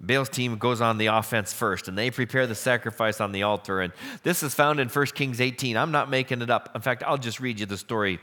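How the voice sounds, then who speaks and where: A pastor preaching a sermon, retelling a scripture story with lively storytelling. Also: male voice, medium pitch, brisk, hardly any pauses, big-room sound.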